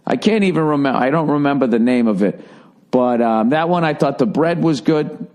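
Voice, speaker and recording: A podcast host from the Boston area tells a rambling, profane story in a casual monologue, speaking briskly in a mid-range voice. He gets animated whenever he quotes people.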